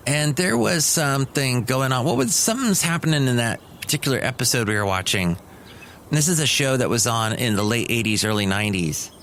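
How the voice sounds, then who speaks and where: Man, middle-aged, podcast host, wry, rambling, mid-pitched. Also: expressive, a little fast, a bit bright, slight background noise. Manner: wry, meandering, chatty. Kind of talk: rambling solo comedy podcast.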